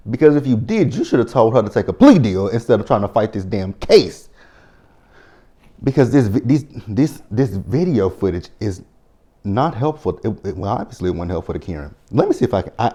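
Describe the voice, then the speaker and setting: A young man giving sassy, animated commentary in a casual chat, telling a story with mock voices. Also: medium pitch. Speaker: commentary host.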